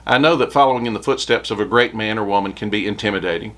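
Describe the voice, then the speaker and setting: A man's voice: on the low side, fast talker, a bit bright. A man preaching a short devotional sermon, reading scripture aloud with rising emphasis.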